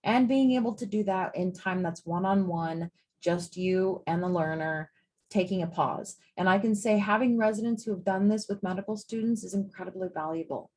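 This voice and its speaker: A woman psychiatrist gives a grand rounds lecture in a talkative, emphatic manner. She keeps it casual with frequent "like" asides, and her voice sits at an ordinary middle pitch. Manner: conversational, emphatic, with many "like" asides. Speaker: psychiatrist and residency training director.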